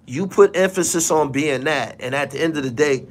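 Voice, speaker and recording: A man's voice: on the high side, moderate pace, slight background noise. A man hosting a live stream, talking bluntly and profanely and repeating himself for emphasis. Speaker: podcast host. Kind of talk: casual live-stream commentary.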